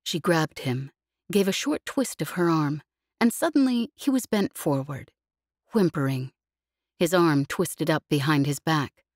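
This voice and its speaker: A woman narrates an audiobook in a low voice with steady, even storytelling. The recording is close and dry, with no room sound. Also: measured pace, no echo. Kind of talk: scripted narration.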